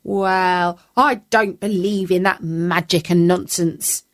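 A woman's voice: fairly low pitch, fairly even intonation, slow. Woman doing a dismissive poor husband.

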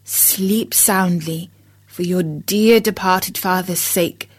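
A woman's voice: lowish voice, slightly rough, no echo, studio quality. A woman doing a fussy scolding hen. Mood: soothing. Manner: scolding, brisk. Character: fussy practical female hen wife.

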